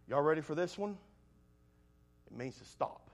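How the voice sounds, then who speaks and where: A man's voice: on the high side, animated, moderate pace. Folksy preacher man. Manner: folksy storytelling, swings from loud to soft. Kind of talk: sermon with personal stories.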